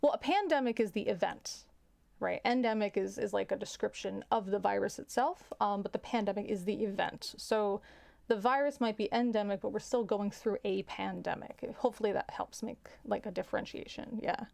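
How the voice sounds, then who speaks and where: A woman's voice: medium pitch, fairly quick, vocal fry, darkish tone. A woman hosting a casual livestream, chatting frankly with viewers and often restarting her sentences. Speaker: livestream host.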